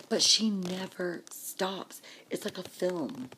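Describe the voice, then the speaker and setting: A woman's voice: on the low side, lively intonation, takes it slowly, hardly any pauses, sharp tone, a little hiss or hum. A woman ranting in a casual vlog, exasperated and complaining, often dropping to a whisper. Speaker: vlogger.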